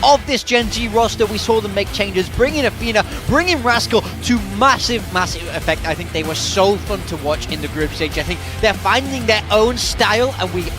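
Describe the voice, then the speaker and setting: A man's voice: high-pitched, expressive, moderate pace, few pauses, music in the background. A man analyzing players and teams on a live esports desk, enthusiastic and full of hype.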